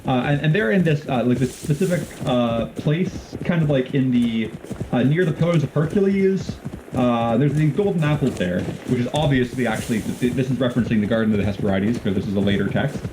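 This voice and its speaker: A man's voice: mid-range voice, fairly quick, noisy background. A man co-hosting a reaction stream as a historian, retelling a legend in casual, rambling chat full of fillers and restarts.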